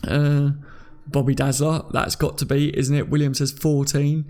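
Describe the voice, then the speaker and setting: A man's voice: fairly high pitch, little pitch movement, normal speed, darkish tone. Chatty man reading live chat. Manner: chatty, laughs often, reads out viewer comments. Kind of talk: casual live stream chat.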